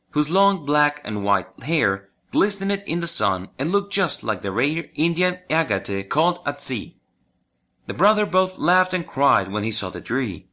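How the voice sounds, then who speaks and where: A man narrating a children's folk tale audiobook in an expressive storytelling manner. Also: medium pitch.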